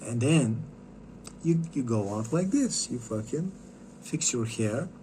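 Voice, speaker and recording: A man with a middle-pitched, mellow voice talks slowly and expressively in a rambling vlog monologue. He curses freely and trips over restarts, with faint noise humming behind him.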